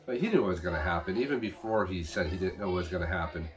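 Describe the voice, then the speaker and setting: A man casually recapping an episode, rambling with restarts and quickly paraphrasing what the characters say. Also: low-pitched. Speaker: show reviewer.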